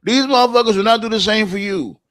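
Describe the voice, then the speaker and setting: A man's voice: high-pitched, fast, a bit bright. A man co-hosting a casual podcast, ranting profanely with heavy slang. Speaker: podcast co-host. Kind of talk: casual chat.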